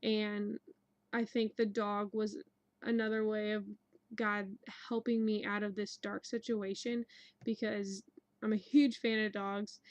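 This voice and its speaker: A woman's voice: medium pitch, level tone, measured pace, dry recording, rough recording. A young woman casually telling a long personal story, rambling with many fillers and restarts. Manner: rambling, many ums and likes. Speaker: dream narrator.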